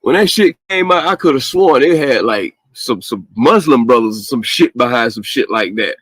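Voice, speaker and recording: Dude ranting on a late night call-in show, heavy cussing, aave, medium voice, dry close mic. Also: male voice, medium pitch, moderate pace, no echo. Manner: profane, animated ranting with laughs.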